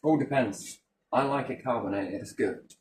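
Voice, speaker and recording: A man's voice: mid-range voice, normal speed, a little hiss or hum. A man, telling stories in casual chat, rambling and profane, with lots of fillers.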